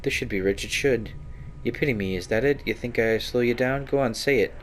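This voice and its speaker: A man's voice: mid-range voice, fairly quick, slight background noise, pitched above the performer's own voice, lightly acted. A man voicing a prickly, defensive young rogue woman in a fantasy game who tags her sentences with echoing endings.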